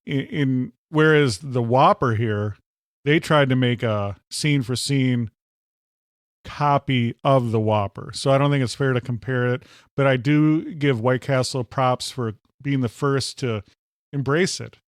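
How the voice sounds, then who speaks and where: A man chatting on a podcast, hamming up a burger tasting with playful exaggeration. He has a middle-pitched voice, and the sound is dry and close with no reverb. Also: unhurried. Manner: playful, hyperbolic, jumps in to interject. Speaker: podcast co-host. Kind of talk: casual food review chat.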